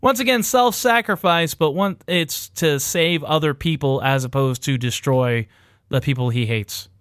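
A man's voice: fairly high pitch, unhurried, a bit bright, no room sound, clean studio sound. A man recapping a movie in casual, profane podcast chat, rambling and irreverent and laughing as he goes. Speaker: podcast host recapping a film.

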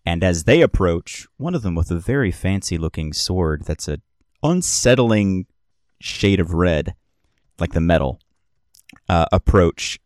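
A man's voice: sits low, darkish tone, dry recording, clean studio sound. A man narrating as game master of a tabletop game podcast, describing scenes in a rambling way and correcting himself as he goes.

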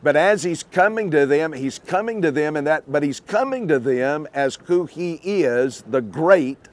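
A man preaching a sermon outdoors by the water, deliberate and emphatic, repeating his key points. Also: on the high side, animated.

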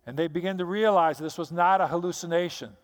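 A man's voice: high voice, fast talker. A man preaching a sermon as pastor, telling the story dramatically and acting out the scenes. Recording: long hall reverb.

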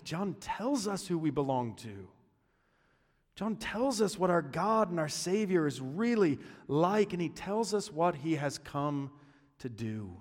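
A man's voice: fairly high pitch, long reverb tail. A man preaching a sermon in a conversational way, with joking asides between points. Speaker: pastor.

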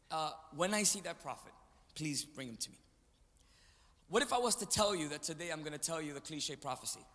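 Joking with the crowd and inviting call-and-response, a man gives a lively sermon as a guest speaker in a big indoor church. His fairly high, slightly bright voice echoes through the reverberant hall.

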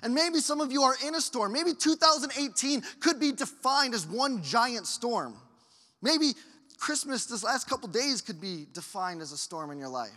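A man preaching a sermon as a pastor, acting out quoted voices and moving between loud bursts and hushed lines. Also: extremely high pitch, animated, normal speed. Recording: hall reverb.

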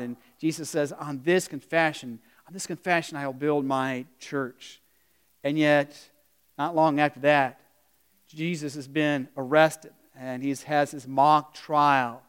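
A man preaching in a high, bright voice that rings smooth and clear. He talks to his congregation in a loose, storytelling way, tossing questions out to them. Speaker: pastor. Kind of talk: sermon.

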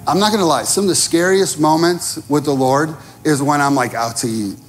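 A man preaching a sermon as pastor, telling stories and acting out dialogue, moving from hushed moments to rising intensity. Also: on the high side, brisk. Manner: animated storytelling, acting out dialogue. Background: music.

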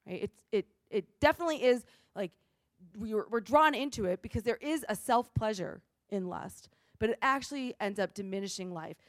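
A woman's voice: mid-range voice, lively intonation, a little fast, dry recording, clean studio sound. A woman preaching a conversational sermon, talking casually, often saying "like" and checking in with "right?".

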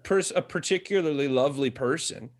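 A man co-hosting a casual movie review chat, excitable, swearing freely and laughing often. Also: on the high side, brisk. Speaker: podcast co-host.

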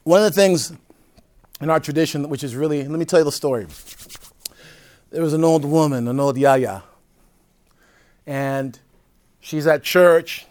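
A male priest teaching a group in a conversational way, often checking in with "right?" and dropping between loud emphasis and soft, low asides. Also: a little slow, pauses often. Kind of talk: teaching talk to a live group.

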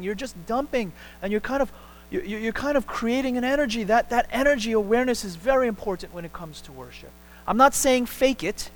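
A high-pitched pastor preaches a sermon in a church sanctuary, speaking animatedly with many repeated words and restarts and building up to his emphatic points. The recording is low quality, with a little hiss or hum.

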